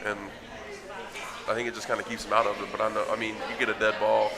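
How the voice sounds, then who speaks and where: A man's voice: fairly low pitch, completely flat delivery, quick pace. A young man, a football player guest, talking in a chatty, playful, rambling way at a live show. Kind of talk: casual live show interview. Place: busy restaurant with crowd chatter. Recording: live event with crowd noise.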